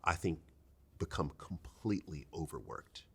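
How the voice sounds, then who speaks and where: Male podcast host with a very low voice, halting questions that repeat words. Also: animated, gravelly, fairly bright tone, breathy edge. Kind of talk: interview questions, conversational.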